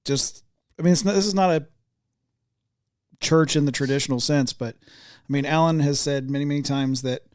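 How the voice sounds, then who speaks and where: Halting podcast co-host man, dry mic. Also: a little high, no room sound. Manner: halting, many fillers and restarts. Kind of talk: casual chat.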